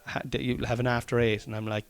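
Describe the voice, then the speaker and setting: A man's voice: medium pitch, level tone, fast talker, vocal fry, clear, resonant tone. An Irish man, a comedian hosting a podcast, chatting casually at home, swearing often and rambling. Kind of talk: casual chat. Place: study by an open fire at home.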